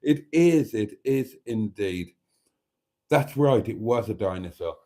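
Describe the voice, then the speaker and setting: Chatty live-stream host, male, mellow and warm, rambles freely. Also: mid-range voice, animated, measured pace. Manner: rambling, chatty, laughs easily. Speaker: channel host. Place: motorhome.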